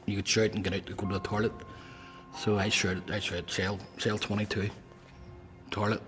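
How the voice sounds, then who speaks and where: A man, a former prisoner, recalling events bluntly in halting speech that goes soft at emotional moments. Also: low-pitched, little pitch movement. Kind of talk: recollection in interview. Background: clear music.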